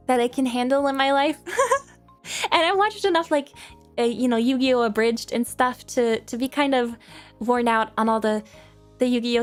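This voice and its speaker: A young woman with a high voice rambles through viewer questions in a loose, giggly chat, often poking fun at herself. Faint music plays under her talk. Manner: giggly, rambling, self-deprecating. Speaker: streamer.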